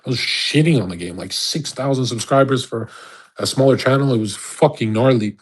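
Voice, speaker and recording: A man's voice: medium pitch, fairly quick, breathy edge. A young man ranting casually on a live audio chat, brash and profane, laughing often. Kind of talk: casual rant.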